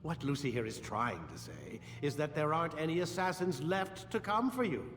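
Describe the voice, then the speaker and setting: An actor playing a cold, commanding middle-aged scientist who holds a prisoner, talking curtly and with contempt. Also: male voice, a little high, expressive, normal speed, a bit bright, big-room sound, slight background noise. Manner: curt, commanding, sneering.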